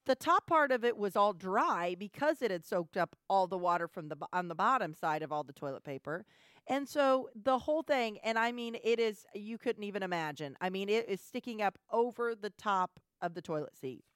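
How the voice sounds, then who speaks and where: A woman telling a family story in casual chat, animated, with stammering restarts. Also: mid-range voice, normal speed, smooth, no echo, studio quality. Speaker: podcast co-host, mother.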